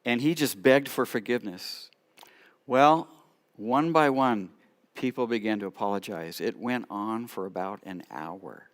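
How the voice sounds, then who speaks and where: A middle-aged man telling stories in a sermon, lively, with sudden quiet asides. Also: fairly low pitch, measured pace. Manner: animated storyteller, drops to quiet asides. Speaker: rabbi preaching at church. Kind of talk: sermon storytelling.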